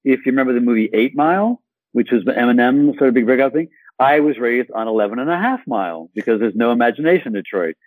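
A man's voice: mid-range voice, expressive, quick pace, darkish tone, no room sound, poor audio. A man from Michigan, a guest actor on an interview podcast, telling stories with playful acted-out asides. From Michigan, USA.

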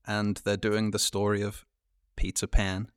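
A man's voice: on the low side, monotone, unhurried, clear, resonant tone, dry recording. A man co-hosting a podcast in casual chat, trading dry, teasing banter. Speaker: podcast co-host.

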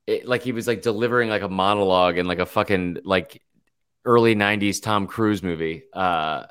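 A man hosting a casual sports chat, animated and swearing freely. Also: low voice, brisk, clean tone. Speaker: podcast host.

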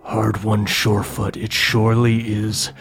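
A man's voice: on the low side, monotone, measured pace, a bit bright, soft background music. A man voicing a scornful dragon who taunts his rival. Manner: sneering, taunting. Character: dragon king, gruff and scornful.

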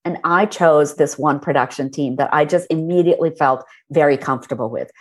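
A woman guest on an interview show, telling her stories with warmth. Her voice sits a little low, and her delivery lifts with enthusiasm. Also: a little fast. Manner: warm, storytelling, animated when recalling moments. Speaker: author and guest. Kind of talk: conversational interview.

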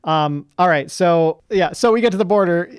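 A man's voice: sits high, moderate pace, clear, resonant tone, no room sound, studio quality. Chuckling sarcastic male podcast co-host. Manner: laughing often, sarcastic commentary. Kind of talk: casual chat.

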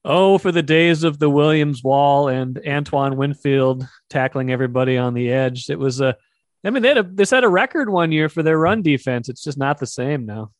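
A man hosting a sports talk show, asking his guest questions and then reading out statistics in a plain, steady way. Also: a little high, moderate pace, no echo, clean studio sound.

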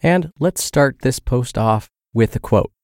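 A man's voice: mid-range voice, animated, unhurried, a little mellow, no echo. A man narrating a health podcast, reading a fitness blog post aloud with dry humor.

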